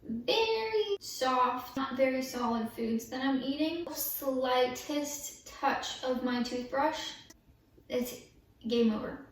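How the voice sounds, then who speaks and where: A woman's voice: high-pitched, takes it slowly, far from the mic. Chatty woman in an echoey room. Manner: candid, chatty, expressive. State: in pain after dental surgery. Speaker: vlogger. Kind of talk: casual storytime vlog. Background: faint yard work noise outside.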